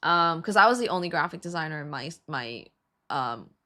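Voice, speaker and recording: A woman's voice: sits low, normal speed. A woman streamer co-hosting with her husband, telling a story in casual chat, laughing and swearing freely. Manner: animated, laughing, swears freely, many fillers.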